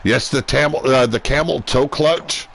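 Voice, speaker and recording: A man's voice: mid-range voice, a little slow, vocal fry, a bit bright. A man giving casual, profane play-by-play commentary on a wrestling video game, joking and irreverent. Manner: crude, irreverent, joking banter.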